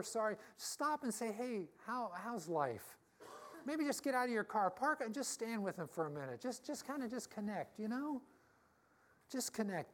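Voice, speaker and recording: A woman's voice: medium pitch, a little hiss or hum. A middle-aged woman pastor giving a casual, story-filled sermon, repeating phrases and laughing easily as she talks.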